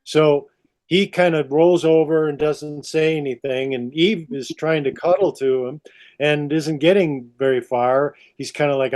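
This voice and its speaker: A man on a podcast telling a long story in a lively, animated way. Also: fairly high pitch, unhurried. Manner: lively, repeats 'all of a sudden'. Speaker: podcast guest.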